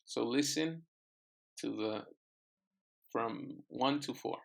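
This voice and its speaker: A man's voice: mid-range voice, slow pace, vocal fry. A man teaching an English class, patiently repeating words and phrases for his students to echo. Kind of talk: online classroom lesson.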